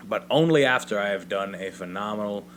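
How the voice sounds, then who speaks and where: In his home basement, a young podcast host delivers a solo comedic monologue, a rambling, profane story punctuated with "right?". His very low, easygoing voice moves a little fast, with lively intonation and a fairly bright tone. A faint hum sits underneath.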